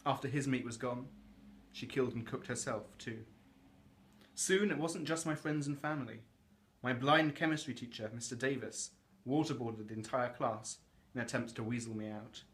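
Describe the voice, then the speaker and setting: A man's voice: mid-range voice, normal speed, fairly bright tone, a little hiss or hum, natural voice. A man narrating as a young man telling his villain origin story, in earnest scripted narration. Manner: earnest narration, dramatic build.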